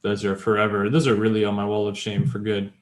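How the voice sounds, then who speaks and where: Male podcast co-host, fairly low voice, rambling explainer, roomy echo. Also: completely flat delivery, quick pace. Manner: chatty, many fillers, explains step by step. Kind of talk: casual language-learning chat.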